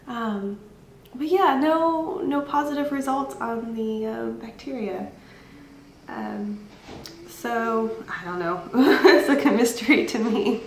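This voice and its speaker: A woman's voice: a little high, a little slow, reverberant, a little hiss or hum. A tired young woman vlogging casually at home, chatty and candid, with frequent ums and laughs. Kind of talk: casual pregnancy vlog. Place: home room.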